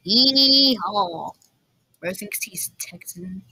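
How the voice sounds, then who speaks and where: A woman doing casual reaction commentary, breaking into quick incredulous outbursts. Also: medium pitch, breathy edge, dry recording, poor audio. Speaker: video reactor.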